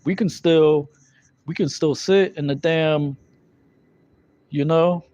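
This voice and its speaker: A man's voice: fairly high pitch, fairly even intonation, takes it slowly, dark tone, no echo. A man teaching scripture in a loose, conversational way, full of fillers and tag questions. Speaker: Bible teacher. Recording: dull lo-fi recording.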